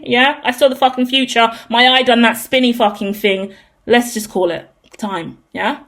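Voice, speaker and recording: A woman's voice: a little high, moderate pace, fairly bright tone. A woman giving a casual tarot reading, talking emphatically with frequent swearing and ranting asides. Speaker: tarot reader.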